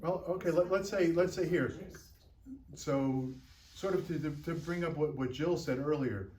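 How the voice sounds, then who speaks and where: A man's voice: fairly high pitch, normal speed, darkish tone, slight background noise. Male teacher explaining a text to a class, chatty, asks "right?" a lot, distant mic in a roomy room. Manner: checks in often with "right?" and "okay?"; stumbles and repeats words while thinking aloud. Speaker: Talmud teacher.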